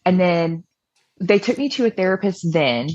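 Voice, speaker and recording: A woman's voice: fairly low pitch, lively intonation, moderate pace, a little mellow, dull audio. A young woman guest telling her story in a casual, chatty way, full of fillers and quoted voices from her past. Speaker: podcast guest.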